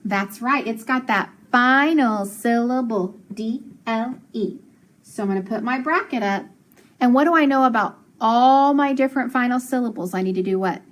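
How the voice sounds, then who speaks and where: Speaking at a moderate pace in a voice on the high side, a woman teaches phonics to young children. Patient and full of praise, she asks questions and then answers them, spelling words out letter by letter.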